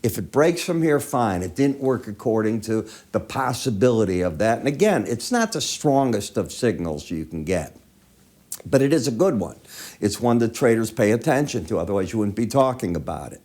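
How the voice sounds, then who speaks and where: A man's voice: on the low side, big pitch swings, normal speed, a little mellow. A man with allergy sniffles giving conversational chart-by-chart market commentary, asking the viewer rhetorical questions.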